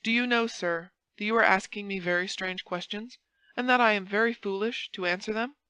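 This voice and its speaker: A woman's voice: mid-range voice, a little fast, bright, forceful tone, clear, resonant tone, no room sound, natural voice. A woman voicing a haughty, imperious noble duke who speaks with proud indignation.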